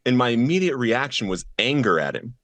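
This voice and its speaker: A man's voice: mid-range voice, sing-song, a little fast, fairly bright tone, no echo. A man as a podcast guest, earnestly telling his personal testimony and acting out the voices of the people in his story.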